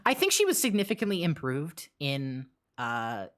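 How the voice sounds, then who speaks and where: Lively, blunt woman streamer. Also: low voice, normal speed. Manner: rambling, many fillers and restarts, blunt. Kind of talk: casual chat reading live chat.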